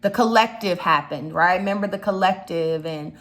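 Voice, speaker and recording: A woman's voice: fairly low pitch, moderate pace, a bit bright. A young woman from Chicago with a slight Chicago accent, talking casually in a rambling commentary vlog, full of fillers and asides. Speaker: YouTube commentator.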